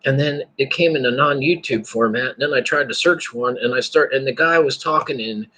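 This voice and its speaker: Guy rambling on to his viewers, kinda raspy, bright edgy tone, lots of restarts. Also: medium pitch, a little fast, rough recording. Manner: rambling, repeats words and restarts, laughs to himself. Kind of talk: casual spoken monologue.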